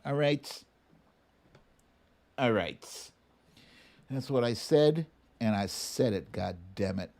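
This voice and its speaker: A man's voice: mid-range voice, lively intonation, slow, creaky, long pauses, darkish tone. A man hosting a livestream of political commentary, ranting in a profane, sarcastic way. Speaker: host.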